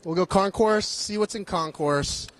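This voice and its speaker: A man's voice: sits high, unhurried, a bit bright. A man hosting a live stream, walking through a busy convention hall and chatting casually, joking and swearing as he goes. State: tired, a bit out of breath. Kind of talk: casual walk-and-talk chat.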